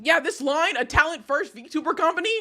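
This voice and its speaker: A young woman talks through a live stream in casual commentary, her voice high-pitched and sharply bright. She rambles, restarts her sentences and swears as she gets worked up. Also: fairly quick. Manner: rambling, heated and emphatic, frequent swearing and restarts.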